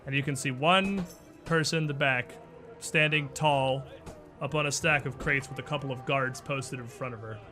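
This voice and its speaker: Bright-toned male game master narrating a tabletop game over soft background music. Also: medium pitch. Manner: descriptive, unhurried narration with fillers.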